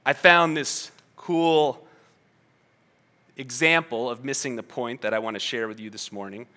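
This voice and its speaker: A man's voice: medium pitch, measured pace, pushed and bright. A man preaching a sermon in a conversational, emphatic manner, with playful asides to the congregation. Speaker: pastor.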